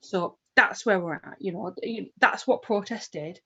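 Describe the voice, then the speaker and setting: A woman speaking forcefully and emphatically as a guest in a political panel discussion. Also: mid-range voice, expressive, a little slow, slightly rough. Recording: dull lo-fi stream audio.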